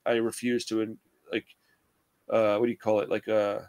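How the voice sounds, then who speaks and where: A man's voice: lowish voice, level tone, moderate pace, darkish tone. A young man telling rambling stories in casual chat, swearing a lot and calling people dude and bro.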